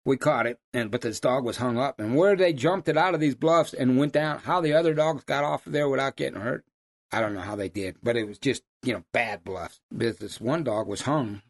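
A middle-aged man, a hunting guide, telling stories in casual chat with loud, high bursts when he quotes people. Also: brisk, creaky. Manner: animated yarn-spinner, loud high bursts when quoting.

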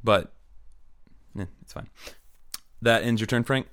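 A man's voice: medium pitch, measured pace, a bit bright. A man narrating as dungeon master in a loose, casual way, full of filler words. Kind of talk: narrating a tabletop game.

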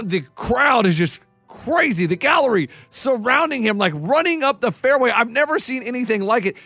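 A man hosting a casual sports talk show, telling stories in an excitable, animated way. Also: extremely high pitch, no echo.

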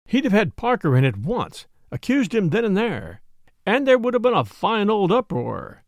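A man reading the part of a measured, reserved middle-aged doctor in an audiobook. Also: high voice, wildly swooping pitch, no echo, clean studio sound, voice pushed up, exaggerated voice. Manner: careful, reserved.

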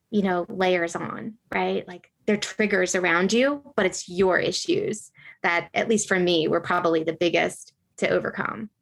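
A woman in casual conversation who tells stories in an animated way, full of fillers and tag questions. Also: medium pitch, creaky.

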